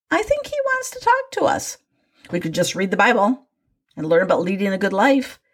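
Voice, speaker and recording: An older woman with a gravelly, husky voice tells a personal faith story about her grandchildren. Her pitch moves a lot, rising and falling as she goes. She sounds reflective and wry, and often pokes fun at herself. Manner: reflective, wry, self-deprecating.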